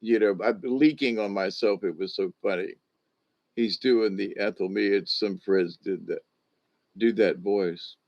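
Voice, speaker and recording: An older man telling personal stories to his channel in a casual, halting way, often restarting his sentences. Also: fairly low pitch, gravelly, darkish tone, muffled recording. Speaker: channel host. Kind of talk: casual rambling storytelling.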